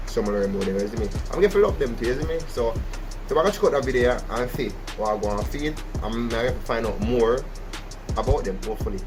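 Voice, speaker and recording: A man with a Jamaican accent giving chatty, animated reaction commentary, often asking "you see me?". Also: medium pitch, fast talker, over music. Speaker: reaction video host.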